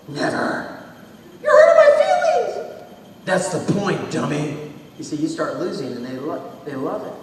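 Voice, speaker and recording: A man giving an animated motivational talk to students at a school assembly, leading the crowd in call-and-response chants, speaking into a small microphone on a stand. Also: high voice, a little hiss or hum. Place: large school hall or gym. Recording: echoey hall, voice from far off.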